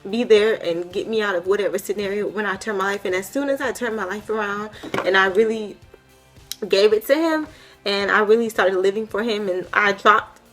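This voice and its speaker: A woman's voice: mid-range voice, normal speed, fairly bright tone, soft background music. A young woman giving an emotional personal testimony, earnest and heartfelt, with many casual fillers. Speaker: vlogger sharing her testimony.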